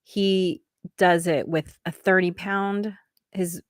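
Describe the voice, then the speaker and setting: A woman's voice: lowish voice, fairly even intonation, slow pace, dry recording. Chatty woman host, close dry sound. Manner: chatty and upbeat, with many fillers. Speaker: comedy show host. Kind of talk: casual promotional chat.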